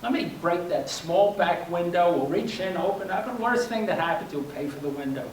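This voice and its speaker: A man's voice: high voice, lively intonation, normal speed. An older man voicing an eager, practical male fellow hiker offering help in a told story. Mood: helpful. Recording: roomy, distant, faint hum.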